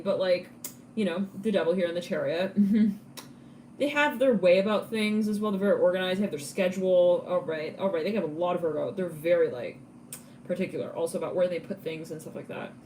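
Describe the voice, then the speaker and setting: A woman giving a live tarot reading in a chatty, casual way, laughing often and breaking into quick asides. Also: on the low side, a little mellow, slight background noise. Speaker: tarot reader.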